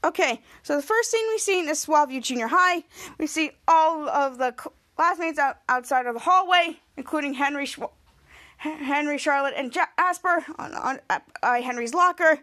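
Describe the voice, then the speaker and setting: A woman's voice: high-pitched, moderate pace, pushed and bright. A woman hosting a podcast, recapping a TV episode in a casual, rambling way, full of restarts, and acting out lines. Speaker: podcast host.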